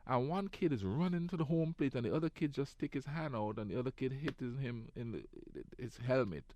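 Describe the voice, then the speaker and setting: A man co-hosting a radio talk show, ranting casually and acting out quoted people in high voices. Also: a little fast, no echo. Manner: animated storyteller, acts out quotes in high voices.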